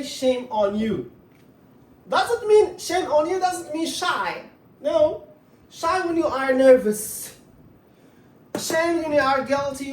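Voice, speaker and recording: High, lively English teacher in a roomy space. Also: female voice, far from the mic. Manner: patient, repeats words to stress syllables. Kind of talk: grammar lesson.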